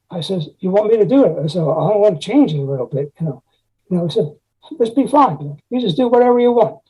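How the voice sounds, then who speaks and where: Older man with a husky, mellow voice. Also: high voice, poor audio. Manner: rambling anecdotes with frequent "you know" and scat-sung articulations. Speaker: retired music teacher. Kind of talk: conversational storytelling interview.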